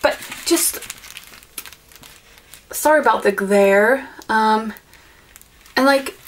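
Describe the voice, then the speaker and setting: Woman vlogger, unhurried and bubbly, fairly high voice, light hiss behind her, unboxing chat at home. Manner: gushing and excitable, with many fillers and apologies. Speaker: vlogger opening a gift swap package. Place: at home indoors, in the evening.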